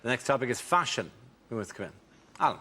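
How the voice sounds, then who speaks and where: A male host running rounds of a comedy panel show with brisk, matter-of-fact links. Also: medium pitch, big pitch swings, pushed and bright.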